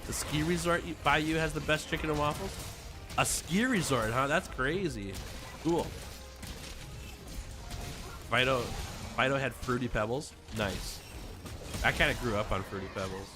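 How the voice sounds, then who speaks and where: This streamer has a mid-range voice and a moderate pace, leaving long pauses as he plays a game with music behind him. He chats playfully with his viewers, laughing frequently and reading out what they write.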